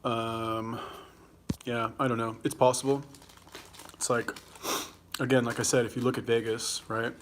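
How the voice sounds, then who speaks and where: A man's voice: medium pitch, little pitch movement, a little slow, pauses often, noisy background. A young man with a Los Angeles accent hosting a casual livestream, rambling and swearing as he answers viewer comments while eating. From California. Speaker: livestream host.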